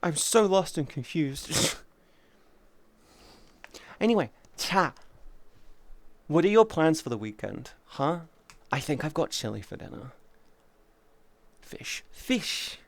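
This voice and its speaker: Taking an unhurried pace with long pauses, a VTuber rambles to chat in a casual, heavily profane way. Their stories feature abrupt jumps into a high, excited pitch, and the recording is dry.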